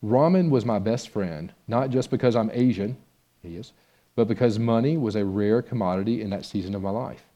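Brief: male pastor, lower voice, warm and mellow, conversational sermon with expressive reading. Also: normal speed, dull audio. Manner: conversational, reads aloud expressively. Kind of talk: sermon with a read-aloud story.

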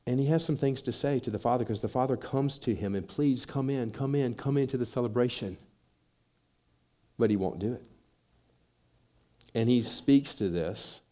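A man's voice: mid-range voice, normal speed, long pauses, dark tone. A man preaching a sermon, acting out quoted voices and building in intensity as he makes his points. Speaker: pastor.

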